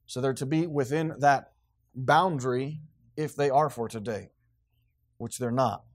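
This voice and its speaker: A man's voice: medium pitch, unhurried. A man preaching a sermon in a church, emphatic, with frequent restarts. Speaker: pastor.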